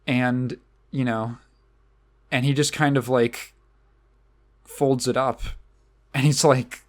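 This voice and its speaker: A man's voice: medium pitch, little pitch movement, slow pace. A man co-hosting a podcast, rambling through a casual film discussion with lots of restarts and the odd swear word. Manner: rambling, many restarts and fillers. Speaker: podcast co-host.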